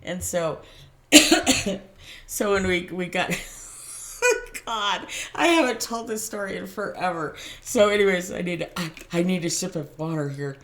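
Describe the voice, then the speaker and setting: A middle-aged American woman telling a personal story in casual, animated fashion, with frequent laughs and restarts. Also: lowish voice, slow pace. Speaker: tarot channel host.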